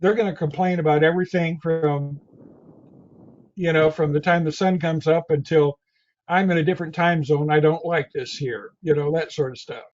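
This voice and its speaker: A man with a Tennessee drawl talks casually as an interview guest, in a fairly high voice. He rambles and restarts his phrases over and over. The audio sounds dull and muffled. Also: fairly even intonation, moderate pace, darkish tone. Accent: Southern US, Tennessee. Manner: rambling, repeats his words often.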